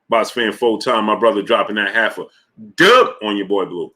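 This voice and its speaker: A man's voice: lowish voice, moderate pace. Emphatic man hosting a boxing livestream. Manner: animated, emphatic, repeats himself. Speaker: boxing show host. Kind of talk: casual livestream talk, reading chat.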